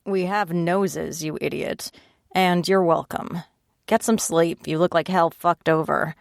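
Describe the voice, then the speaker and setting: A woman's voice: on the low side, steady tone, unhurried, creaky, no room sound, clean studio sound. A woman voicing a blunt, foul-mouthed shifter pack leader who runs a bar, speaking in a curt, commanding way. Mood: scolding.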